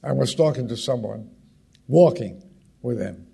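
A man's voice: mid-range voice, lively intonation, unhurried, vocal fry, mellow, husky. A man preaching a sermon who stresses key words by repeating them and puts direct questions to the congregation.

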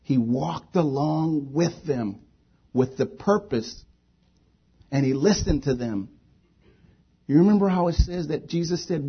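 A man's voice: on the high side, a little slow, long pauses, breathy edge, lo-fi sound. A man preaching a sermon, building into impassioned rhetorical questions. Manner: impassioned, rising to near-shouting in rhetorical questions. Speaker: pastor.

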